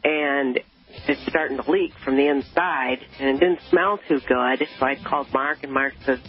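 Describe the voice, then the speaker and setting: A woman's voice: extremely low pitch, normal speed, soft background music. A woman caller from Milwaukee, telling a story in a chatty, rambling way on a radio show. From Milwaukee, Wisconsin. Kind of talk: call-in radio talk. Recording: dull radio broadcast sound.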